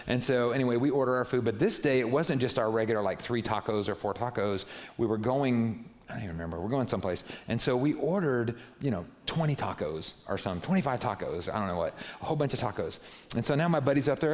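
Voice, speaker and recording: Male pastor, relaxed sermon delivery, chatty with asides, mid-pitched voice. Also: brisk, big-room sound. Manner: casual, chatty, lots of asides. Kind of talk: conversational sermon. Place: church sanctuary.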